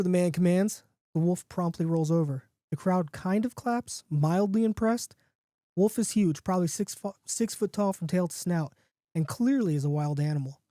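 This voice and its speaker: A man's voice: high-pitched, normal speed, mellow, no room sound, studio quality. A man hosting a podcast, casually reading a comic horror story aloud with jokey asides. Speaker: podcast host.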